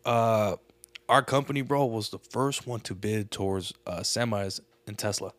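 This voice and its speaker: A man's voice: fairly low pitch, fairly even intonation, moderate pace, a bit bright, dry recording. A man co-hosting a podcast in casual, profane banter. He jokes around and ends almost every phrase with "bro.". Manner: profane, joking, says "bro" constantly. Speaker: podcast co-host.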